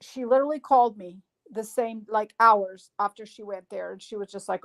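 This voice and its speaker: A woman guest on a podcast, retelling events in an animated way with frequent restarts and fillers. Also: medium pitch, moderate pace, vocal fry. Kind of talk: casual podcast discussion.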